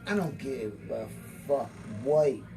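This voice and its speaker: A man's voice: mid-range voice, takes it slowly, vocal fry, over music, low-quality recording. A man, a former boxer, telling stories as a podcast guest, acting out quoted lines and swearing freely. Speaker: guest, former boxing champion. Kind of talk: casual storytelling chat.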